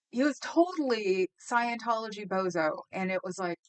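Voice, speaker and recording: A woman's voice: medium pitch, normal speed. A woman chatting casually on a live stream, rambling, laughing easily and talking to viewers in the chat.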